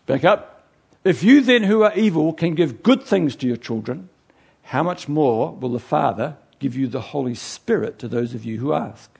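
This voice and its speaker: A preacher with a somewhat high, husky voice delivers a sermon in a chatty, animated way. He swings between loud outbursts and quiet asides and jokes at his own expense as he goes. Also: moderate pace. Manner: chatty, self-mocking and joking.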